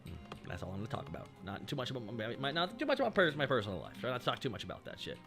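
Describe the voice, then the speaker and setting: A man's voice: mid-range voice, wildly swooping pitch, very fast, vocal fry, over music. A man chatting casually and joking with profanity while he streams a game. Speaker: VTuber streamer.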